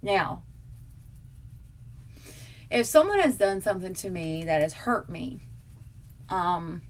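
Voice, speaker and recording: There's a little hiss or hum behind this woman's lowish voice. She's a young adult hosting a live stream, answering tag questions and chatting to viewers in a casual, emphatic way.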